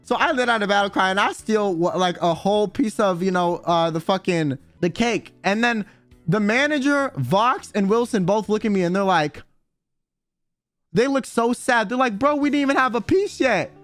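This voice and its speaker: A man telling an animated, slang-filled story in casual chat, swearing freely and acting out what people said. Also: high voice, moderate pace, dry recording, faint music behind. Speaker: streamer guest telling a story.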